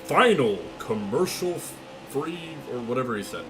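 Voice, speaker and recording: A man doing an impression of a measured, veteran male TV racing commentator in short, clipped phrases. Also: mid-range voice, very animated, noisy background, close to an everyday voice. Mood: mock solemn.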